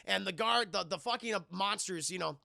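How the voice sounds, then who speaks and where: A young man recapping a movie on a live stream, talking to his chat and swearing often as he rambles. His voice sits high, with heavy vocal fry and a bright edge. The sound is close and dry. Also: fairly quick, dry recording. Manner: rambling, profane, addresses chat.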